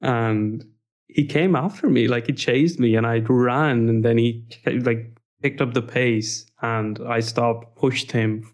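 A young man telling personal stories in a relaxed podcast chat. His voice sits at a middle pitch, and he talks in an animated, humorous way, sprinkling in "like" often. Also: slow pace. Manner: animated, humorous, frequent "like" fillers. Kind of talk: casual storytelling conversation.

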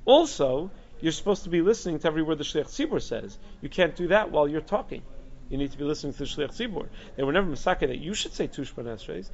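A man teaching a class on Jewish law, lecturing in a lively way and mixing in Hebrew terms. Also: fairly high pitch, quick pace. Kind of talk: halacha class. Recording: dull lo-fi recording.

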